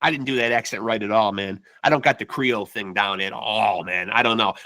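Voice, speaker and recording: A man's voice: fairly low pitch, fast talker, few pauses, sharp tone, no room sound. A man hosting a podcast in loose, profane casual chat, tacking "man" onto nearly every phrase. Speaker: podcast host.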